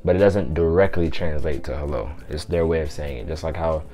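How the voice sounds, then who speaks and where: Low-voiced man teaching phrases casually. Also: faint music behind. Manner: repeats phrases slowly and clearly; relaxed, loose explaining with fillers. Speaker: language teacher. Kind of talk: casual language lesson.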